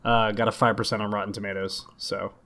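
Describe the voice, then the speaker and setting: A man's voice: on the low side, little pitch movement, fairly quick, pushed and bright. A man hosting a podcast in casual banter, joking and teasing his co-hosts, often laughing. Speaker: podcast host.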